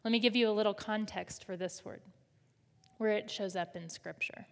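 A woman's voice: mid-range voice, steady tone, moderate pace, gravelly. A woman pastor preaching a sermon in a conversational way, leading the congregation in call and response. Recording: reverberant hall.

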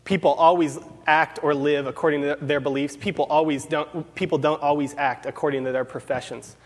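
A man's voice: on the high side, fairly even intonation, fairly quick. Earnest preacher man in a reverberant hall. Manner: earnest, repeats key phrases for emphasis. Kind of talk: sermon.

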